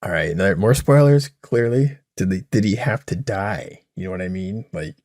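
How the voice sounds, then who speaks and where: An enthusiastic man co-hosting a podcast, his voice low and recorded very dry and close. He rambles through casual chat, swearing and shooting up in pitch whenever something excites him. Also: normal speed, dry recording. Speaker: podcast co-host.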